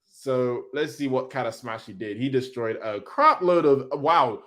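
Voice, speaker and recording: Excitable man reacting to manga. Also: mid-range voice, normal speed. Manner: excitable, slangy, reads panels aloud. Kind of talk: casual live manga reaction.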